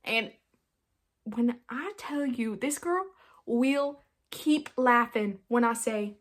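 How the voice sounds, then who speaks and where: A woman's voice: a little high, takes it slowly. A young woman from Utah hosting a casual solo podcast from her bedroom, chatty and self-mocking, slipping into silly voices now and then. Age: young adult. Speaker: podcast host.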